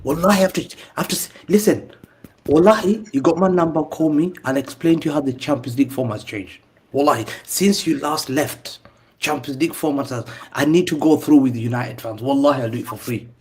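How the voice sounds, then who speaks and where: A man's voice: a little high, a little fast, a little mellow. A man on a football panel, mocking his rivals with repetitive taunts in heated banter.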